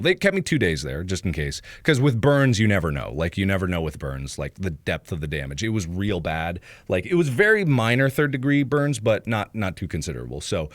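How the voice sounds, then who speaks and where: A young man from Ohio telling a rambling story on a livestream, full of fillers and acting out loud yelps. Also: sits low, dry recording. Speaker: streamer.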